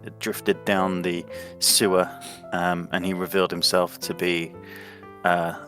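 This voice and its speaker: Game master, male, deep voice, calm unhurried scene-setting narration. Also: over music. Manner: unhurried descriptive narration with fillers.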